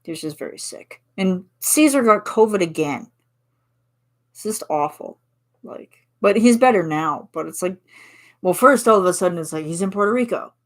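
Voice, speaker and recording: A Canadian woman with an expressive, medium-pitched voice chats casually with viewers on a stream at a moderate pace. She's chatty and giggly, reading chat replies aloud as she answers them.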